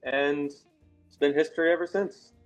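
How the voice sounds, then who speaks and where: A man's voice: on the high side, fairly even intonation, a little slow, dull audio, faint music behind. An American man from Massachusetts, a guest in a casual interview, chatting in a friendly, rambling way. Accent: American English. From Massachusetts, USA. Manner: friendly, rambling with fillers and laughs.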